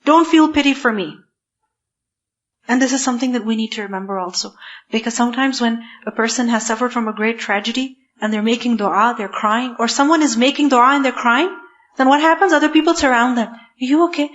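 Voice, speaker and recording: A woman giving a scripture lecture, emphatic, asking herself rhetorical questions and reciting Arabic verses quickly. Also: on the high side, dull audio. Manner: emphatic, asks rhetorical questions then answers them. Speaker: Quran teacher. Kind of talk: tafsir lecture.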